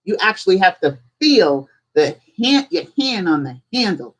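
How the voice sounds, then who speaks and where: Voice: medium pitch, sing-song, normal speed, low-quality recording. A host teaching casually on a live stream, talking conversationally and firing off strings of rhetorical questions. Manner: acts out little examples in different voices. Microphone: streaming setup.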